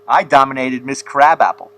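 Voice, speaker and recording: A man's voice: medium pitch, normal speed, fairly bright tone, slight background noise. A man hosting a casual interview, cracking jokes and prodding his guest with questions.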